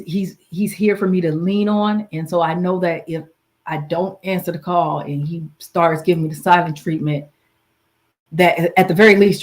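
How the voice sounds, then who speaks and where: A woman casually telling a personal story, earnest and candid, often trailing off and restarting. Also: lowish voice. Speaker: guest sharing her story.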